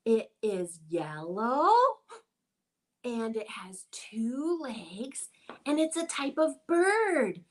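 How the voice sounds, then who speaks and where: A young woman leading a toddler storytime, reading picture books and rhymes in a playful sing-song voice with soft hushed asides. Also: a little high, expressive, very slow. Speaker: children's librarian.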